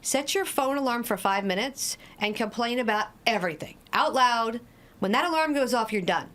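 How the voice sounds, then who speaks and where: A woman's voice: on the high side, expressive, normal speed, a bit bright. Woman guest, 40s, addiction coach; direct, practical, walks through everyday scenarios. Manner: direct, no-nonsense, explains with everyday examples. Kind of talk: podcast interview.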